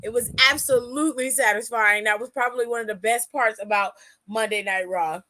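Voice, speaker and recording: A woman hosting a podcast, recapping a wrestling show in a casual, animated way and acting out what people said. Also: fairly high pitch, brisk, no echo. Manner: animated storytelling, acts out quotes, laughs often. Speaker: podcast host.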